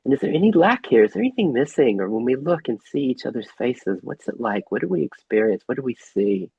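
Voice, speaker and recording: A man facilitating a reflective group session over a video call, gently asking inviting questions. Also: medium pitch, expressive, brisk, gravelly, breathy edge, dry recording, phone-quality sound.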